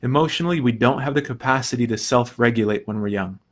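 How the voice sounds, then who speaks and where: A young man talks through his subject in a relaxed, earnest teaching manner. He restarts often and drops into a softer voice when he quotes inner thoughts. His voice sits at an ordinary middle pitch. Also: fast talker. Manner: earnest, thinks aloud with restarts and soft quoted asides. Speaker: recovery podcast host. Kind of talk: casual teaching talk.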